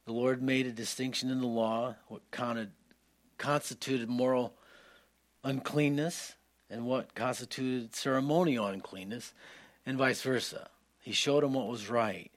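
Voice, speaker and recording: A male pastor preaching a sermon in an earnest voice that swings from emphatic lines to soft, hushed ones. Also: mid-range voice.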